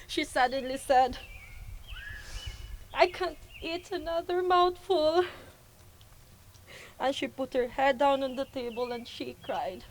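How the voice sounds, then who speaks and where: A woman acting a worried mother on her daughter's wedding day in an amateur stage play, speaking in a rueful, halting way. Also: high-pitched, slight background noise.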